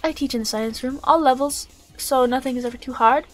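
Brief: a woman as a polite teacher character, gentle and bright-pitched, over faint game music. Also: a little fast, lightly acted. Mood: kindly.

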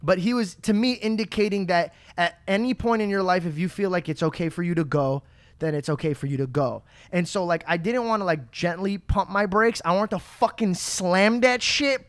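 A passionate man co-hosting a podcast in casual chat, cursing freely and stumbling over his words when worked up. His voice sits a little high and the sound is dry and close. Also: a little fast, dry recording. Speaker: podcast co-host.

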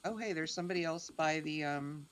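A woman streaming a game, chatting excitedly and poking fun at herself. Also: low voice, a little fast, a little hiss or hum. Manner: chatty, self-deprecating, excitable. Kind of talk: casual game commentary.

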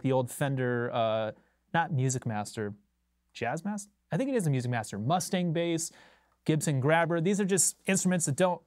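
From a recording studio with no room sound, a man hosts a bass-playing livestream, chatting casually with viewers in a relaxed, rambling way and chuckling often.

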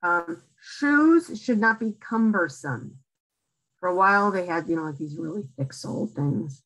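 A woman giving a library lecture at a slow, deliberate pace. She coaches in short, emphatic phrases and keeps checking in with her listeners. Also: fairly low pitch, expressive, a bit bright, low-quality recording. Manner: direct, coaching, frequent "okay?" checks. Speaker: lecturer on aging in place. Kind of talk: public library talk.

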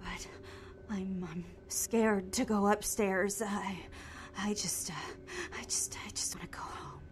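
A woman's voice: mid-range voice, steady tone, close to an everyday voice. An actress voicing a terrified, timid young female cult member in a video game, stammering in half-whispers. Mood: frightened. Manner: halting, frightened speech full of restarts.

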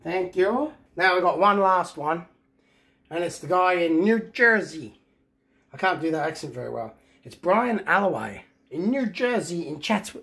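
A man's voice: a little high, a bit bright. Man, channel host, casual upbeat chat, talking to viewers. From England. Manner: chatty, upbeat, talks to viewers while working.

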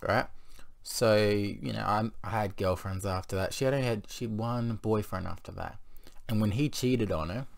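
A man's voice: lowish voice, moderate pace, creaky. A man in his thirties venting in a confessional vlog, rambling, blunt and full of swearing. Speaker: vlogger.

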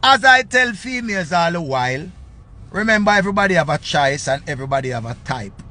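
Jamaican man, high voice, excitable, loud, repetitive commentary. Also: brisk. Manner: excitable, loud, repeats phrases. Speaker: vlogger. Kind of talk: casual commentary.

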